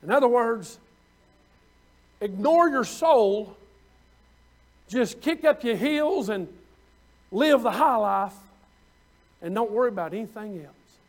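A preacher with a strikingly high voice, talking to his congregation in a loose, folksy way. He drops low and casual, then swells into loud, emphatic bursts. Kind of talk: sermon.

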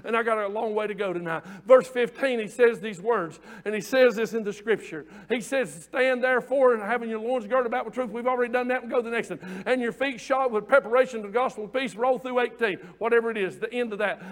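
A man preaches, his voice sitting unusually high for a man. He delivers a fervent sermon, building to shouts and pulling his listeners in with call-and-response.

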